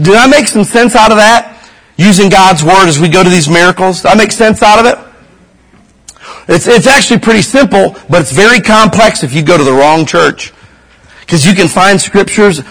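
A man's voice: high-pitched, brisk, fairly bright tone, poor audio. A man preaching a sermon in a conversational way, asking his audience rhetorical questions.

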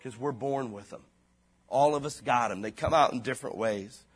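A pastor preaching a sermon in a casual, slangy way, his voice dropping low and then rising loud. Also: normal speed, slightly rough.

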